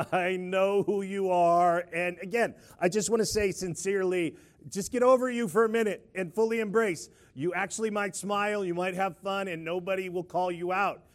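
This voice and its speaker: A middle-aged man preaching a lively sermon, playfully leading the congregation in call-and-response and prayer. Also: high-pitched, moderate pace.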